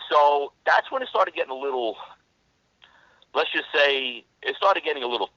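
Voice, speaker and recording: A middle-aged man, telling rough street stories in a casual interview, blunt and heavy on the swearing. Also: on the high side, animated, normal speed, pushed and bright, dry recording. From New York. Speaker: interview guest. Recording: dull lo-fi dry recording.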